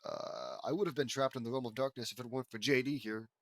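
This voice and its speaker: A man's voice: mid-range voice, fast, a bit bright. Sarcastic man reading fan fiction aloud. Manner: mocking, wry commentary between read lines; lifts voice for quoted characters.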